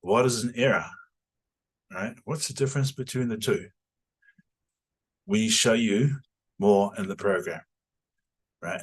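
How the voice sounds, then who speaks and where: A man who is a trained language teacher, promoting his pronunciation course in a lively way, often tagging his points with "right?". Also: lowish voice, slightly rough. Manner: animated, rhetorical "right?" tags.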